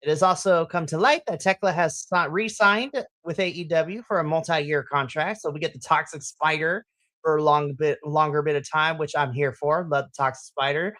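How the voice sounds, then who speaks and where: A woman co-hosting a wrestling podcast, talking in an animated, playful way with frequent laughter. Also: low voice, normal speed, dry recording. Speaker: podcast co-host. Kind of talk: casual wrestling chat.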